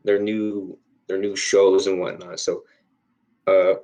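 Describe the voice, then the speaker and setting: A man's voice: low voice, level tone, slow pace, mellow, low-quality recording. A young man cohosting a casual podcast, speaking hesitantly with many fillers. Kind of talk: casual chat.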